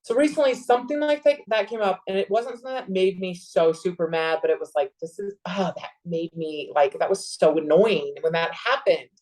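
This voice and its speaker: A woman in her forties chatting as a podcast guest, rambling and animated, with sudden excited bursts. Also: on the low side, fairly quick, few pauses, rough recording. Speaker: podcast guest, actor and producer. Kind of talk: casual interview chat.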